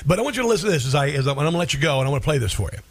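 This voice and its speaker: A man's voice: a little high, very animated, very fast, slightly rough, no room sound. A man hosting a talk radio show, cracking mocking jokes over news clips and taking callers. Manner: mocking, interrupts clips with wisecracks. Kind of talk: sarcastic talk radio commentary.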